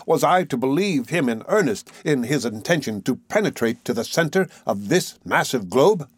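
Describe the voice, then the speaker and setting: A man reading a classic novel aloud in a measured, expressive way. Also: mid-range voice, husky, no room sound. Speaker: audiobook narrator. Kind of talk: scripted narration of a classic novel.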